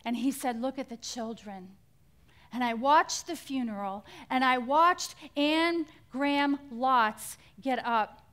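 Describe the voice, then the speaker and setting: A woman's voice: high voice, slow pace, a bit bright, clean tone. A woman giving an inspirational Christian talk at a conference, dramatic and dropping to near-whispers at times. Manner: dramatic, drops to near-whispers for quoted words. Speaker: conference speaker.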